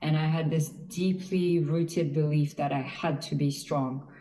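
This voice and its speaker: A woman from France, sharing personal stories in a panel chat in an earnest, halting way. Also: sits low, steady tone, dark tone. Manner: earnest, halting, many restarts and fillers. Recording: roomy echo.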